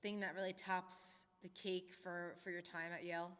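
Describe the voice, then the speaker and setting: A woman's voice: lowish voice, little pitch movement, normal speed, fairly bright tone, smooth. A young woman hosting a podcast with her sister, chatting casually and encouraging her with frequent "yeah"s. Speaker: podcast host, the guest's sister. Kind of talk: casual chat. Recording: long echoey reverb.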